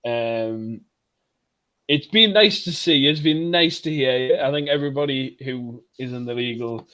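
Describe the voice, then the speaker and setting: A podcast host wraps up a casual chat with rambling, jokey, repeated thanks. His voice is medium in pitch with a fairly bright tone, at normal speed.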